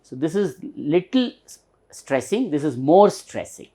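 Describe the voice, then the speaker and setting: A man's voice: on the high side, sing-song, a little slow, warm tone. A man with an Indian English accent teaching pronunciation, patiently spelling words letter by letter and repeating them for emphasis. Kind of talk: recorded pronunciation lesson.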